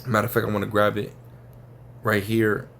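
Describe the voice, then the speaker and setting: A man's voice: lowish voice, completely flat delivery, moderate pace, vocal fry, a bit bright. A man giving an informal religious teaching, talking casually and profanely and tagging his points with "right?" and "man". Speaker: scripture teacher.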